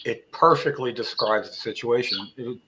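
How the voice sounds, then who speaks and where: A man's voice: medium pitch, normal speed, a loud crowd, poor audio. A man in his seventies, a co-host who is losing his voice, talking in a wry, joking way. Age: 70s.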